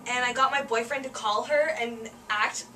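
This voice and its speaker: A young adult woman co-hosting a casual student show, telling stories excitedly and laughing as she goes. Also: fairly high pitch, normal speed, distant mic, slight background noise. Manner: excitable storyteller, laughs through her stories. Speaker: co-host. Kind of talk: casual chat.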